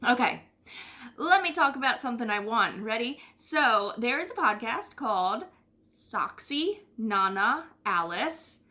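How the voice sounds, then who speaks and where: A chatty middle-aged woman from the United States talks casually as a podcast host. Her voice is bright and forward, and she rambles through fillers and little sighs. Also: a little high, lively intonation, unhurried. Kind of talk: casual chat.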